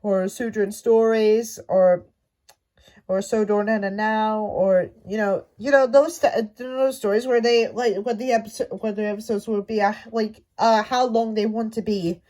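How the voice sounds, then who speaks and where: A woman's voice: mid-range voice, steady tone, moderate pace, warm tone. A woman ranting casually about a show, stumbling through many restarts. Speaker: fan commentator. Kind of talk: casual rant to camera.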